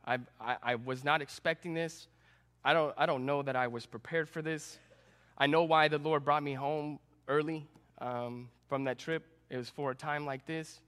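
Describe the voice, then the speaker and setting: A young adult man, a student pastor, preaching a sermon and telling a personal story with animated, self-deprecating humor. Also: fairly high pitch, moderate pace, clear, resonant tone. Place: church sanctuary. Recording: long reverb in a church hall.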